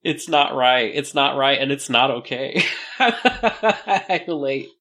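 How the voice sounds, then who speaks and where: A man's voice: medium pitch, expressive, slow, sharp tone. A man co-hosting a podcast, casually reading a listener email aloud with playful asides. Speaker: podcast co-host.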